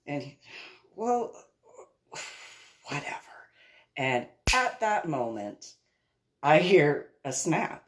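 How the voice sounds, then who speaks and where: A woman's voice: low voice, sing-song, drawn-out words, pauses often. A middle-aged woman telling a personal story in a casual way, acting out the other people's voices and laughing often. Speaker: storyteller recounting a personal event.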